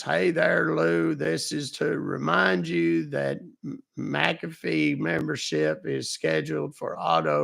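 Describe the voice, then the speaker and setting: Brief: a man playing a raised-pitch, folksy, confused caller; halting and drawling. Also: creaky, fairly bright tone, husky, full character voice. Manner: drawling, halting, stammers over words. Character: folksy, rambling, confused man calling support. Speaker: fake caller to a scammer.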